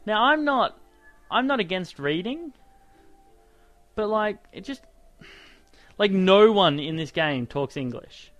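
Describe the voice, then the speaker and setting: Male gaming commentator, casual and sarcastic, quick to rant, slightly higher voice, dead-dry mic. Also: lively intonation, fairly bright tone, no echo, faint music behind. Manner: sarcastic, ranting, exclamatory. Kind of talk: casual let's-play commentary.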